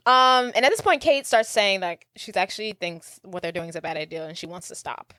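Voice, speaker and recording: A woman's voice: mid-range voice, brisk, a bit bright, dry recording, studio quality. A woman co-hosting a casual podcast, summarizing a movie plot and quoting the characters as she goes. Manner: chatty, quotes characters while summarizing. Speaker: podcast co-host. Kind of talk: casual movie recap chat.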